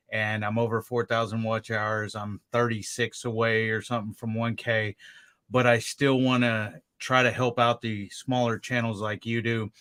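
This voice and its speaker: Earnest man, flat bright voice. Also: medium pitch, clear, resonant tone, no room sound. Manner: earnest, grateful, quick-talking. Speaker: guest. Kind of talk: casual chat.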